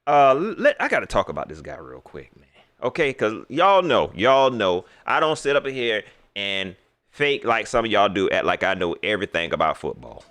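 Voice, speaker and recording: A man running a casual sports talk livestream, talking straight to his viewers in loose slang and repeating himself. His pitch swings widely as he gets worked up, and his tone is bright and forceful. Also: sing-song, normal speed. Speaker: sports talk show host.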